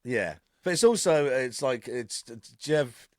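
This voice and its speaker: A man's voice: medium pitch, expressive, a little slow, dry recording, clean studio sound. An English man co-hosting a podcast, chatting casually, laughing often and swearing freely. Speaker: podcast co-host. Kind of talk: casual chat.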